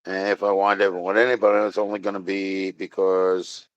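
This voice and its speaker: A man's voice: deep voice, flat delivery, moderate pace, no room sound. A man chatting casually on a live stream, rambling, joking and answering chat. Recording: dry, dull lo-fi sound.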